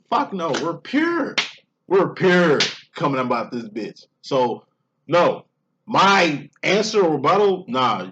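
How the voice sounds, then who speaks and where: A man in a casual spiritual monologue, speaking as a twin flame reader. His delivery is profane and loosely rambling, full of street slang, with a voice at an everyday middle pitch. The audio is dull and lo-fi. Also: a bit bright, slight background noise.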